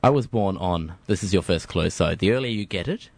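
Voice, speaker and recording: Radio host, male, relaxed and jokey, very low voice, dry studio sound. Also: brisk, vocal fry, no echo. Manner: relaxed, joking, runs the game. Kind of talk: hosting a radio show.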